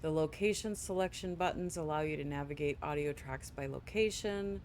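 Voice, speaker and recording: A gaming channel host works through a game's tutorial screens at home, reading the instructions aloud and breaking off for quick offhand remarks. The voice sits at a middle pitch and sounds sleepy, with yawns it apologises for. A faint low hum stays in the background. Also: a little mellow. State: sleepy, yawning. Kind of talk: casual let's play commentary.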